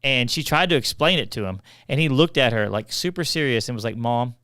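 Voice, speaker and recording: A middle-aged man, a podcast co-host telling funny family stories in a chatty, animated way. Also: medium pitch, fast, clear, resonant tone, dry recording, studio quality. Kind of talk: casual storytelling.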